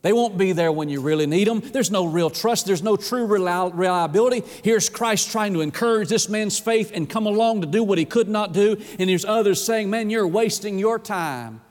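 Man, preacher, sermon, emphatic then hushed, high-pitched, echoing hall. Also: brisk, few pauses. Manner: dynamic preaching with sudden drops to a low hush. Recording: echoey with long reverb.

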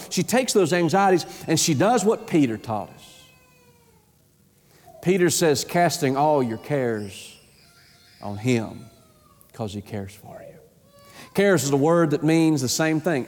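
A man preaching a sermon in an emphatic, repetitive way, his pitch climbing high and falling low. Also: a little mellow, big-room sound. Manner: emphatic, repeats words, rises and drops sharply in pitch.

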